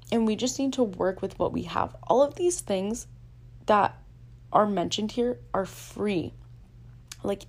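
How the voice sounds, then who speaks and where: A young woman with a mid-range, slightly mellow voice hosts her own podcast. It is casual solo talk, chatty and full of fillers and self-deprecating asides.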